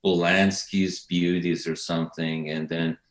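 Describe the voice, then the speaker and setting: A man's voice: low voice, little pitch movement, a little slow. A man chatting casually as a guest, loose and rambling, with lots of fillers and restarts. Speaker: documentary filmmaker guest. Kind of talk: casual conversation. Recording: roomy echo.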